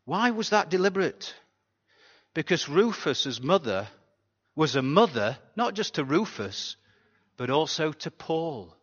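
A pastor giving a sermon in a chatty, conversational way, often asking the congregation rhetorical questions. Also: male voice, on the high side, very animated, measured pace, a bit bright, breathy edge. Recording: dull sound with long hall reverb.

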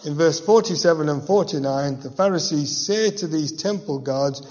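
A man's voice: fairly high pitch, moderate pace, darkish tone. A man preaching a verse-by-verse Bible teaching in a conversational way, with personal asides and rhetorical questions. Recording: dull, reverberant hall sound.

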